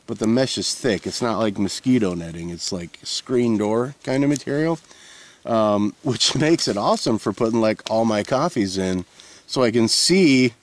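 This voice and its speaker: A man's voice: on the low side, animated, normal speed. A man rambling casually at a winter forest camp, meandering with lots of uhs and restarts. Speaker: vlogger.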